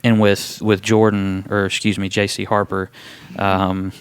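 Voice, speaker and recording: A man, a wrestler telling his story in a casual interview, relaxed and rambling with many ums and restarts. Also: lowish voice, a little slow, clear, resonant tone, no echo. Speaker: wrestler guest.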